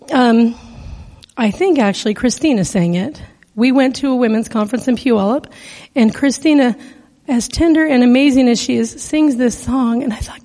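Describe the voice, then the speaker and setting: A woman's voice: a little high, dark tone. A middle-aged woman from the American Northwest, a guest speaker telling stories and preaching in a conversational, emotional way. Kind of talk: sermon. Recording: hall reverb.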